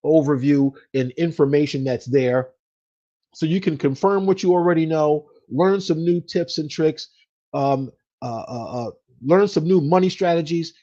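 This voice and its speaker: A man's voice: on the high side, warm tone, muffled recording. A man hosting a finance podcast, giving a casual motivational talk with lots of fillers and repeated "right?" tags. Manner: repetitive, says "right?" often, many fillers. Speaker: podcast host, financial specialist.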